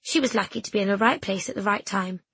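Breathy woman reading an audiobook. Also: mid-range voice, a bit bright, dry recording. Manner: measured, reflective storytelling. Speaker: narrator. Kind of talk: scripted audiobook narration.

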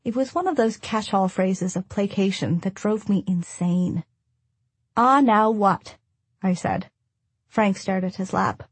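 Audiobook narrator, woman, husky voice, dry close sound, measured storytelling. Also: mid-range voice, a little mellow, dry recording. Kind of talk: first-person audiobook narration.

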